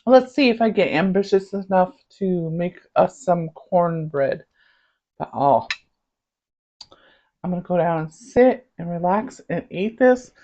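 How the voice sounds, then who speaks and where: A woman's voice: on the low side, animated, measured pace, warm tone. A woman with a light Southern accent, chatting casually as she cooks and tastes food in her home kitchen, humming over each bite. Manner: chatty, savoring food with hums. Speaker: cooking channel host. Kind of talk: casual cooking demonstration. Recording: dull lo-fi recording.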